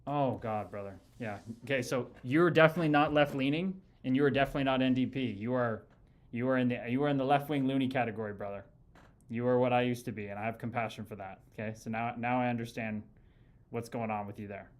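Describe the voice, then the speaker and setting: A man's voice: medium pitch, fast. A man hosting a casual livestream, reading viewer comments and arguing bluntly with a critic, calling people "brother" often. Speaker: livestream host.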